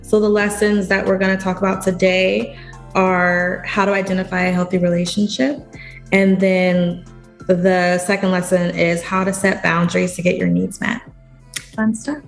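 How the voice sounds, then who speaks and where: A woman's voice: on the low side, level tone, normal speed, vocal fry. Female therapist-host, casual chatty monologue, light music bed. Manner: chatty, upbeat, rambling with fillers. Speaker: self-worth therapist and coach, podcast host.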